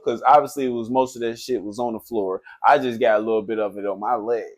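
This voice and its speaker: A man who works as a tattoo artist, telling a story in a loose, animated, profane way, full of filler phrases. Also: mid-range voice, moderate pace. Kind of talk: casual storytelling.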